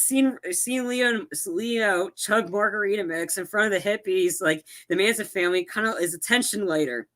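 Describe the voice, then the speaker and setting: Podcast guy recapping a movie, bright sharp voice, keeps restarting sentences. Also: high-pitched, moderate pace. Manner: rambling retelling with many restarts and acted-out quotes. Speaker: podcast co-host.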